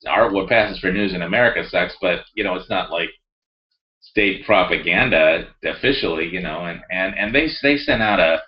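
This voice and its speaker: A man's voice: deep voice, normal speed, highs cut off. A man ranting heatedly in a rambling, profane way and reading his own forum post aloud. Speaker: video blogger.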